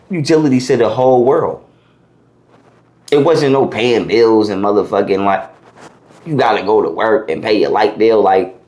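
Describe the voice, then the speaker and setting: A man being interviewed, talking in a loose, profane, animated way as he lays out his ideas. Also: mid-range voice. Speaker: interview guest. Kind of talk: casual conversational interview.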